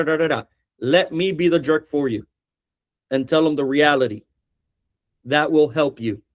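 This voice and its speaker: A middle-aged man, an attorney, teaching a training class for real estate agents in a direct way, often checking in with the class. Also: fairly high pitch.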